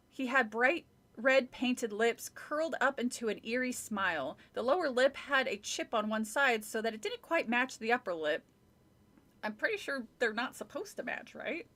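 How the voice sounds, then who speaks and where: A woman streamer reads a children's book aloud into a desk mic, stopping now and then for wry, laughing comments. Her voice is bright and slightly high. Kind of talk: storybook reading with chat asides.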